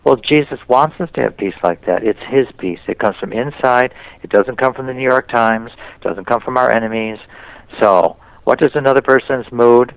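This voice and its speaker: A man's voice: medium pitch, normal speed, creaky, dry recording, dull audio. A man, a priest, giving a spiritual talk in an interview and telling stories in which he quotes other people. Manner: storytelling, slips into quoted voices.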